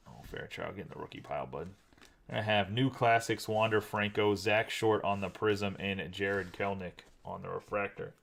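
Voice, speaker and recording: Man, lowish voice, casual card-break host, chatty, quick name run-downs. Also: creaky, a bit bright. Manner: chatty, rattles off names quickly.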